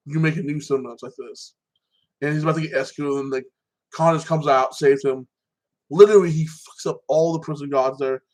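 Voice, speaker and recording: A man of ordinary middle pitch chats on his own channel, walking through a movie's story. His telling rambles, stacks up fillers and restarts, and he swears freely as he goes. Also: low-quality recording. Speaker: vlogger. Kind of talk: casual movie recap monologue.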